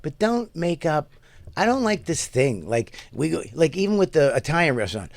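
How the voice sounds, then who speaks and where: A man's voice: fairly high pitch, normal speed, vocal fry, no echo. A middle-aged man co-hosting a podcast, telling stories in casual chat, swearing often and acting out quoted lines. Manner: animated storyteller, swears a lot, acts out quotes. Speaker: podcast co-host.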